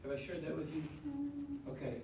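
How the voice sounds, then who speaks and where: A ministry teacher leads a faith class in a meeting room, his higher, gravelly yet mellow voice swinging widely in pitch as he talks fairly quickly. He speaks conversationally, repeats his points, and puts questions to the group. The recording is made from far off in a very echoey room, with slight background noise.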